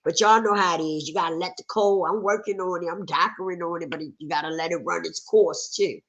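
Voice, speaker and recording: A woman hosting a casual livestream, hoarse and rough-voiced from a cold, greeting viewers in a lively, chatty way. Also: fairly low pitch, fairly quick, highs cut off. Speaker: livestream host.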